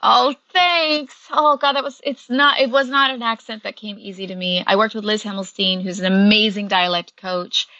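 A woman with a bright, clear voice talks casually as an interview guest, filling her sentences with little fillers and easy laughter. The sound is close and dry, with no room around her. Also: medium pitch, steady tone, normal speed, hardly any pauses, dry recording, muffled recording. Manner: chatty, many fillers, laughs often. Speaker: actress guest.

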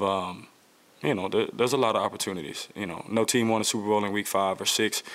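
Low flat-voiced man answering press questions. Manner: relaxed, reflective, many fillers. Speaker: football player at press conference. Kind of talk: casual press conference answers.

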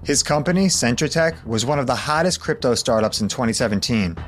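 A man's voice: mid-range voice, animated, a little fast, soft background music. A man narrating a scripted trailer for his podcast in a teasing, dramatic way. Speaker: podcast host in an ad.

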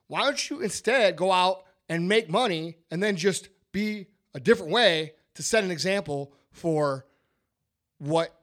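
High-voiced blunt swearing man. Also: expressive, measured pace, fairly bright tone. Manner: blunt, swears a lot, emphatic. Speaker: podcast host, business owner. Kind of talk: casual podcast chat.

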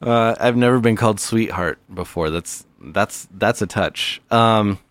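A man's voice: lowish voice, a little slow, a bit bright, no room sound. A man hosting a comedy podcast with call-ins, talking in a mock-earnest, playful way with stammered restarts. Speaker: podcast host.

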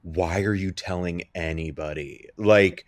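A man with a fairly low voice chats casually on a podcast, trading gossip and mimicking others. The sound is dry and close, with no room around it. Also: steady tone, a little slow, dry recording. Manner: gossipy, quotes people in mocking voices. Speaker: podcast co-host. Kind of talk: casual chat.

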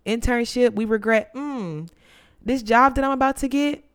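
A woman in her twenties hosting a podcast, telling a personal story in an expressive, testifying way and talking straight to her listeners. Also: high voice, a little slow, clean tone. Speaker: podcast host.

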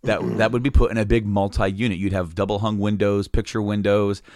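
A man's voice: on the low side, level tone, a little fast, darkish tone, dry recording, clean studio sound. A man telling a casual, rambling story, laughing often and swearing freely.

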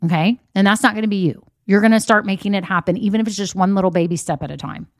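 A woman's voice: medium pitch, fast talker, no room sound, studio quality. A woman hosting a solo business podcast, talking straight to her listeners in an upbeat, emphatic way. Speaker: podcast host and online business coach. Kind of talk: solo motivational podcast talk. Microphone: podcast microphone.

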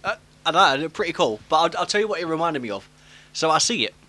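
A man's voice: on the high side, big pitch swings, quick pace, bright, forceful tone. A man chatting casually about a film, asking questions and often restarting his sentences. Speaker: podcast co-host.

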